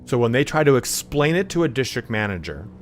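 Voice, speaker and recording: A man's voice: medium pitch, big pitch swings, fairly quick, soft background music. Profane rambling male streamer. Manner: acts out voices in his stories. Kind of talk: casual chat while gaming.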